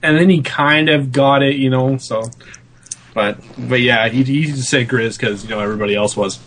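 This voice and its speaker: A man's voice: medium pitch, moderate pace, fairly bright tone, a little hiss or hum. A man on a casual gaming podcast, joking around with crude banter. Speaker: podcast co-host.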